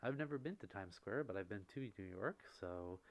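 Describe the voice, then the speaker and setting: A man hosting an ASMR livestream, answering viewer messages in a gentle, chatty way, close to the microphone. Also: fairly low pitch, animated, moderate pace. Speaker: livestream host.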